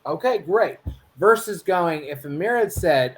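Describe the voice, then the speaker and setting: A man's voice: on the high side, expressive, a little slow. Man, co-host, rambles and acts out quotes in casual talk. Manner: rambling, storytelling with acted quotes. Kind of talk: casual chat.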